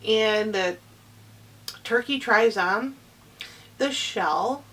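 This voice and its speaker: A woman improvising a children's story, rambling and halting with many fillers and restarts. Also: medium pitch, fairly bright tone, distant mic.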